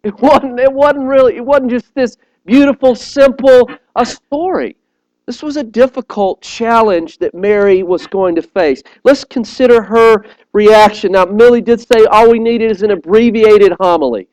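A preacher with an extremely high-pitched voice delivers a sermon at normal speed, recorded close and dry on a rough recording. He tells stories with animation and repeats words and phrases. Earnest and direct, he keeps asking his congregation if they're with him.

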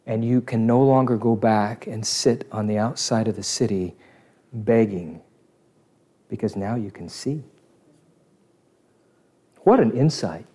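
A man preaching a sermon, animated, acting out voices from the story and swinging between loud outbursts and hushed asides. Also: lowish voice, measured pace, long pauses.

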